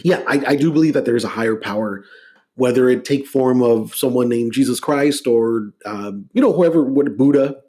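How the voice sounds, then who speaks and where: Relaxed male guest telling stories. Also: medium pitch, normal speed. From Los Angeles. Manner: relaxed storyteller, many fillers and restarts. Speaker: guest musician. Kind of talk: casual interview.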